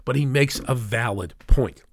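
A man's voice: mid-range voice, a little slow, vocal fry, no echo, clean studio sound. Profane, combative man ranting. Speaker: political commentator. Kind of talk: opinion rant.

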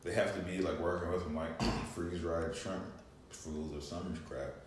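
Low voiced guy, laid back, kinda halting, sounds far from the mic in a big echoey room. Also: fairly even intonation. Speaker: podcast co-host. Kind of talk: casual chat. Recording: very echoey room, away from the mic, faint background hum.

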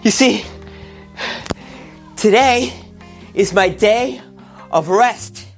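An earnest, worn-out devout father mutters to himself, tired but determined, in a man storyteller's voice. The lines are a touch raised and eager. Soft music sits faintly behind. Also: sits high, very slow, creaky, pitched above the performer's own voice, heavily acted. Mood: wry. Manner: earnest, breathless musing. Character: Kalman, weary devout man, sweating and earnest.

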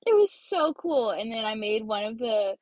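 A woman's voice: a little high, moderate pace, dry recording. Chatty young woman rambling with fillers. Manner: rambling, filler-heavy, lively storytelling. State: congested. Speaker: student vlogger. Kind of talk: casual chatty vlog.

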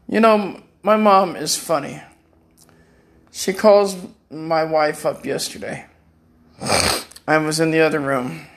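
A man's voice: fairly high pitch, vocal fry, fairly bright tone. An older man in chronic pain, rambling through a personal monologue as a podcast guest from a room at home, repeating words and laughing at his own jokes.

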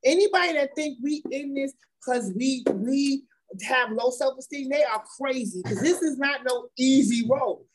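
A high-pitched woman speaking at a moderate pace comes through on a rough recording. As the wife of an incarcerated man, she offers candid, conversational testimony, emphatic in tone, often repeating words and laughing.

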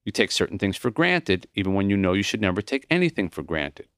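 A man voicing a gentle, dying old male professor in an audiobook, speaking softly and calmly, his voice wobbly and short of breath. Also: on the low side, fairly quick, dry recording, clean studio sound. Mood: teacherly. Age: older. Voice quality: soft. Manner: calm, accepting, wobbly when breath runs short.

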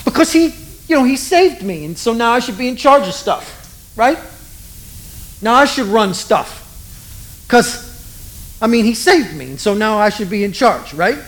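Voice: medium pitch, expressive, normal speed, long pauses, rough recording. A preacher giving a conversational sermon, retelling a scripture story with humor and poking fun at their own faith. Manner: conversational, self-deprecating, storytelling.

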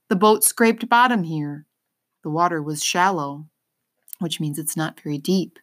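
Woman narrator, lowish voice, kids' read-aloud with simple explanations. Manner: pauses to explain words simply. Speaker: reader. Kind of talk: storybook read-aloud for children.

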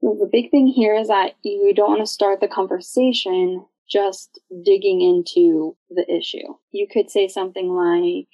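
A woman's voice: mid-range voice, fairly even intonation, a little slow, few pauses, dark tone, dry recording. A woman hosting an instructional podcast, talking casually with self-aware asides. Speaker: orientation and mobility instructor, podcast host. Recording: dull lo-fi dry sound.

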